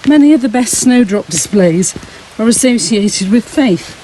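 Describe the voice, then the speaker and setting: Soft-spoken woman, slightly out of breath outdoors. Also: fairly high pitch, animated, normal speed, slight background noise, poor audio. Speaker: Sunday school leader. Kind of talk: outdoor talk to camera on a walk. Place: outdoors on a frosty hillside walk.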